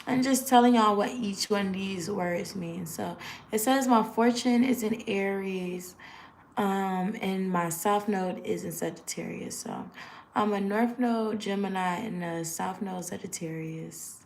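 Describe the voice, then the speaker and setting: A woman's voice: medium pitch, a little slow, gravelly. A young woman with a Southern US accent, chatting casually as she reads a text aloud, giggling often and tripping over her words. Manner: giggly, stumbles over words while reading. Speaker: vlogger. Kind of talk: casual chat, reading aloud.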